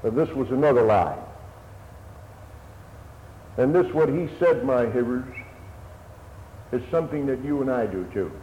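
A man's voice: medium pitch, lively intonation, a little slow, long pauses. A man preaching a sermon in an earnest, old-fashioned manner, his voice swelling and dropping. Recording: echoey hall, dull lo-fi sound, faint hiss.

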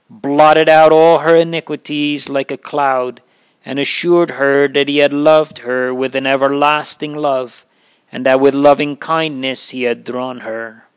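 Slow, solemn man reading a memoir. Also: on the high side, clean tone. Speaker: reader. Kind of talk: reading a religious memoir aloud.

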